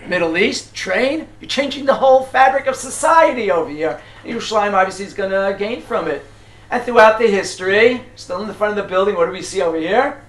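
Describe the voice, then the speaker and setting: Chatty high-voiced man guiding a tour. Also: lively intonation, a little fast, roomy sound. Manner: chatty, asks the group questions, frequent fillers and restarts. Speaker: tour guide teaching history. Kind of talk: casual guided lecture.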